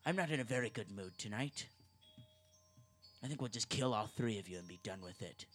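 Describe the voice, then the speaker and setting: A cruel cult leader talks low and quiet with cold, flat menace, as a man puts him on. Faint music plays behind the voice. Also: brisk.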